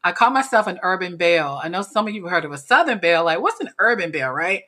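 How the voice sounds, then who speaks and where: Bright-voiced woman telling her story. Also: lowish voice, fast. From North Carolina, USA. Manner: animated, laughs often, acts out quoted lines. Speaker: podcast guest, speaker and coach. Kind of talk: casual interview storytelling.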